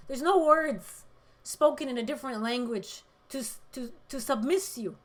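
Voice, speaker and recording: A woman hosting a political livestream, reading chat comments and speaking with emotion, close to tears, shifting between loud outbursts and quiet moments. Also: high-pitched, a little slow. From Middle East.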